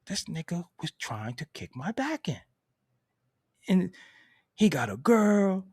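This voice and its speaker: A man's voice: high voice, sing-song, slow, darkish tone, slightly rough, no room sound, clean studio sound. A man telling a story in a casual, profane and emphatic way, laughing between lines.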